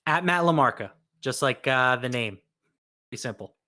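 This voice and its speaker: A man working as a betting analyst who talks in a measured, matter-of-fact way and walks through statistics to reach his picks. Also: mid-range voice, lively intonation, bright, forceful tone.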